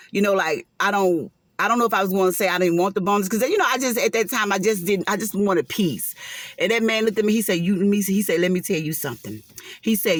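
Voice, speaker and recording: Animated woman telling a storytime. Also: medium pitch, no room sound, studio quality. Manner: animated, emotional, churchy asides to viewers. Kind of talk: casual storytime vlog.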